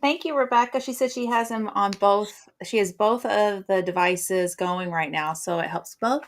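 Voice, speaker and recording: A woman co-hosting a livestream, bubbly and quick to chime in and laugh. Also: mid-range voice. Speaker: livestream co-host. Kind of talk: casual livestream chat.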